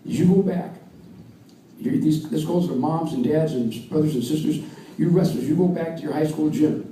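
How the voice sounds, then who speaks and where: An older American man, a coach, speaks earnestly to a banquet crowd and drives his points home with repetition. His mellow voice sounds far from the mic in a very echoey hall. Faint room noise sits behind him. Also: a little high, normal speed. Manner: earnest, storytelling, emphatic repetition. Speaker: wrestling coach giving induction speech. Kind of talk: emotional speech at an awards dinner.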